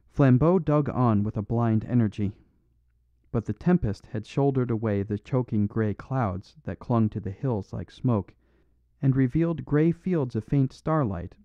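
A man narrating a classic mystery in a measured, steady way. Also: mid-range voice, dry recording. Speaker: audiobook narrator. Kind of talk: scripted audiobook narration. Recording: dull dry studio recording.

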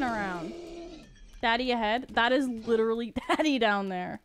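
A woman's voice: a little high, moderate pace. A woman streaming a game, chatting playfully with viewers and giggling often. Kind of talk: casual gaming commentary.

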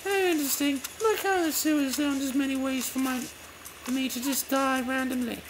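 A woman's voice: sits high, steady tone, moderate pace. A woman giving casual let's play commentary, musing aloud and chatting to herself as she plays. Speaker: gameplay video host. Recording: noisy home recording.

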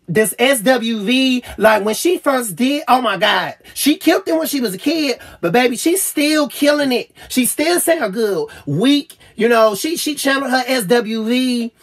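A woman gushing over an album in a casual review vlog, swearing freely and stammering with repeated fillers, at times choking up and trailing off quietly. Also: fairly high pitch, husky. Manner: gets choked up and trails off quietly. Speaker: music reviewer.

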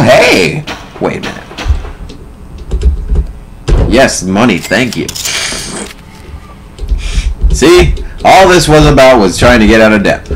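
A young man giving casual, profane gameplay commentary, sarcastic and prone to loud outbursts. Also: mid-range voice, noisy background. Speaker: let's play commentator.

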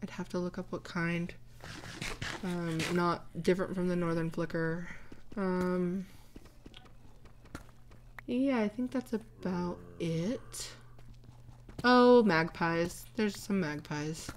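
Young woman, casual rambling chat, laughs a lot, lowish voice. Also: takes it slowly, long pauses, a little hiss or hum. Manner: rambling, chatty, laughs often. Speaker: gaming channel host. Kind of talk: casual chat answering comments.

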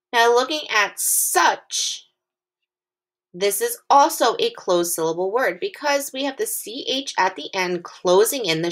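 Woman teacher, phonics lesson for young kids, lively sing-song pitch, bright tone, patient. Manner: slow, clearly stretched-out sounds; patient and encouraging.

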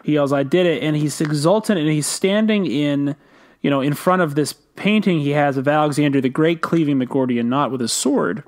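A man with a slightly high voice co-hosts a podcast. He lays out his ideas at length in easy, casual talk, and slips in dry, wry asides. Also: normal speed. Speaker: podcast co-host. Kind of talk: casual chat.

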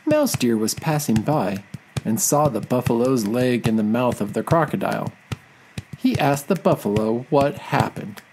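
A storyteller reading a children's folk tale aloud in a slow, expressive way. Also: medium pitch, a little hiss or hum, poor audio.

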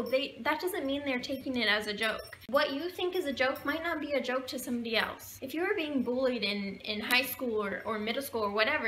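A woman's voice: sits high, bright, forceful tone. A young woman vlogger talking earnestly and emotionally to her viewers, preaching forgiveness in a heartfelt way. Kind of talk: heartfelt talk to camera. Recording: echoey room with faint background noise.

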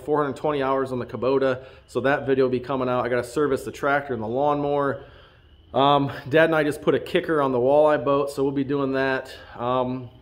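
A man in his thirties, a farm vlogger, talking casually and earnestly to his viewers from his farm. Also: mid-range voice. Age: 30s. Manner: earnest, heartfelt, thanking viewers. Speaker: farm vlogger and channel host. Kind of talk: casual talk to camera.

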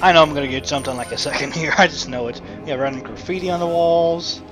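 A man's voice: a little high, fast talker. A man giving casual commentary as he plays a video game, rambling and talking to himself and the game. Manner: rambling, chatty self-talk with frequent asides to the game. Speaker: let's play commentator. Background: game music.

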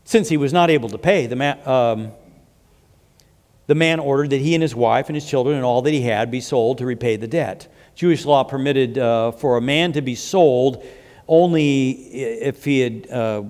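A man's voice: mid-range voice, normal speed, darkish tone. A male pastor preaching a sermon, explaining scripture with asides and frequent restarts. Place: church sanctuary. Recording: long hall reverb.

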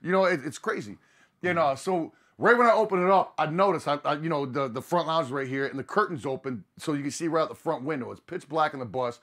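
Profane, animated man telling a road story. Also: on the high side, fast talker. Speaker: podcast host. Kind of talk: casual storytelling chat.

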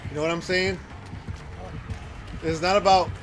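A man streaming a horror game, reacting with loud exclamations and frequent laughter. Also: high voice, steady tone, normal speed, soft background music, poor audio. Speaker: livestreamer. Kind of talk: excited gameplay commentary.

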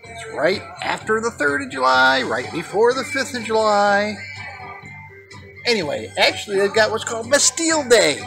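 Middle-aged male vlog host, gravelly, lively pitch, corny jokester, music bed underneath. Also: normal speed. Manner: corny, jokey pun-telling delivery. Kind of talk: comedic vlog monologue.

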